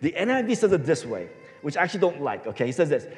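A man pastor giving a sermon, telling a story and swinging his voice between loud and soft for emphasis. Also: fairly high pitch, sing-song, quick pace, hardly any pauses. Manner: storytelling, varies loudness for emphasis. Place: church sanctuary. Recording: long hall reverb.

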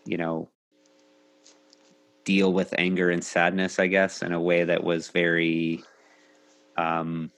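A middle-aged man, a coach hosting a casual podcast conversation, talking in a reflective, measured way with many pauses. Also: low voice, completely flat delivery, a bit bright. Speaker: coach and host.

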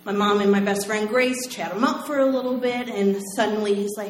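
Animated woman telling a story on stage. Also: medium pitch, brisk, few pauses. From Oklahoma, US. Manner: animated, acts out voices and laughs. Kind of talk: live storytelling. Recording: roomy live venue, faint noise.

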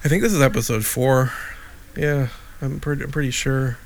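A middle-aged man co-hosts a casual podcast, meandering through an old memory. He corrects himself often and slips in dry asides, in an ordinary mid-pitched voice. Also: moderate pace. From Wheeling, Illinois, USA. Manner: rambling, self-correcting storyteller with dry asides. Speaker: podcast co-host. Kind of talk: casual chat.

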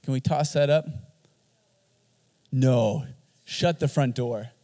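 A man preaching a sermon in an energetic, joking and emphatic way. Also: medium pitch, slow, big-room sound. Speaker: pastor.

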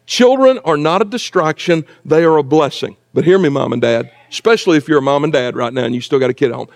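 A middle-aged pastor with a notably high-pitched voice delivers a sermon. He preaches conversationally, slipping in joking asides to his congregation. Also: quick pace, gravelly. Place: church sanctuary.

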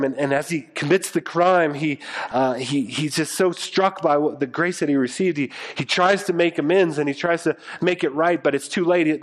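A man preaching a sermon, retelling a story in a loose, conversational way full of fillers and restarts. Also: medium pitch. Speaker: pastor.

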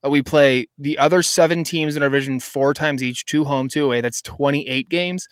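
A man's voice: on the high side, fairly even intonation, moderate pace, smooth, dry recording. A man co-hosting a casual podcast, talking enthusiastically and rambling with restarts. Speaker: podcast co-host. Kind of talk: casual chat.

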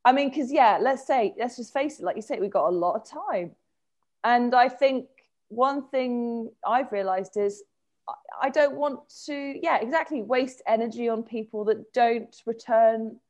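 Chatty woman, slightly high voice. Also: normal speed. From England. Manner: animated, laughs often, restarts and rambles. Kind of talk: casual chat.

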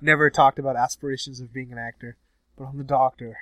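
A man's voice: medium pitch, level tone, fast, fairly bright tone, no echo. Young guy rambling on a podcast, dry close mic, chatty. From United States. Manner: rambling, laughs easily, repeats words. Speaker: podcast co-host. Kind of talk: casual podcast chat.

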